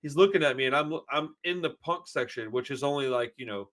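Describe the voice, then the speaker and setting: He has a mid-range, slightly bright voice and a brisk delivery. A podcast host in his 40s, he rambles through long stories in easygoing talk, peppering them with profanity and plenty of "dude."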